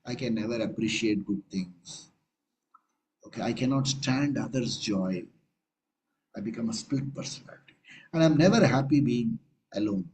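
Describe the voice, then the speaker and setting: A man's voice: medium pitch, moderate pace, pauses often, darkish tone, a little hiss or hum, rough recording. A man with an Indian English accent giving a conversational satsang discourse as a spiritual teacher, acting out everyday scenes as he explains. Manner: conversational, acts out little scenes with changing voice.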